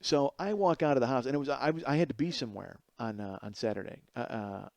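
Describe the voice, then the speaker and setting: A man in his forties telling a comic story alone as a podcast host, animated and self-mocking, with plenty of swearing, going from loud outbursts to low mutters. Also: fast, vocal fry, no room sound. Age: 40s. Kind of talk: solo comedic storytelling.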